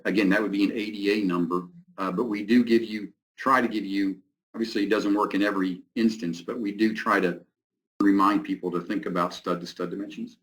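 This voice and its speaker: Low-ish guy presenting building code stuff, lots of uhs and ums. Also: steady tone, a bit bright, slight background noise, low-quality recording. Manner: halting, many fillers. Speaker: product representative presenting. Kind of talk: technical presentation with Q&A.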